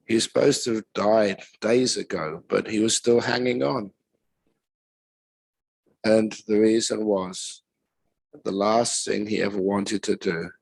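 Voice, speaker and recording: A man, a Buddhist monk teacher, giving a retreat talk with gentle, unhurried storytelling and pauses. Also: on the low side, gravelly, husky, no echo, low-quality recording.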